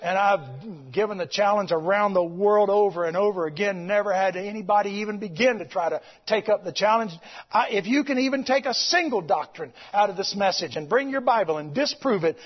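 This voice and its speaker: A man preaching a fiery sermon, shouting with passion and then dropping into casual storytelling. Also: high voice, a little fast, highs cut off. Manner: impassioned, shouting, drops to storytelling.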